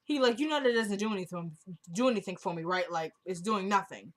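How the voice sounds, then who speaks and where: Woman, casual recap vlog, chatty, opinionated, "he goes, she goes" storytelling, middle pitch. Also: a little fast. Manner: retells scenes with "he goes, she goes"; chatty and opinionated, talks straight to viewers. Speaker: TV episode recapper.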